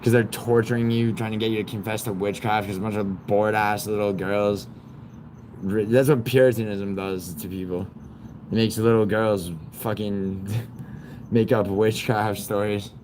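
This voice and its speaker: A man's voice: on the low side, steady tone, moderate pace, a little mellow, slight background noise. A man hosting a livestream, talking in a crude, profane and rambling way, mocking his chat. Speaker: livestream host.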